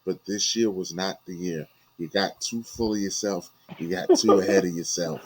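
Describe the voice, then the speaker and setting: A man's voice: sits low, fairly even intonation, moderate pace, crowd noise, poor audio. A man co-hosting a casual sports podcast, teasing and blunt in his trash talk. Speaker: podcast co-host.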